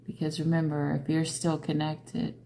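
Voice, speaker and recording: A woman's voice: low-pitched, monotone, dark tone, slight background noise. A woman giving a tarot reading in a casual, conversational way, tired and yawning as she talks to her viewers. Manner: slow, conversational, coaxing questions to viewers. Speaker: tarot reader.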